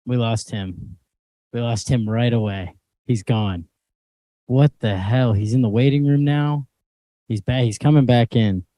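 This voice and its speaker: A man co-hosting a casual podcast over a video call, joking and rambling and breaking into laughs. His voice sits at an ordinary pitch. The sound is dry and close, with no room around it. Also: measured pace, long pauses, mellow, dry recording. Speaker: podcast co-host. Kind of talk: casual chat.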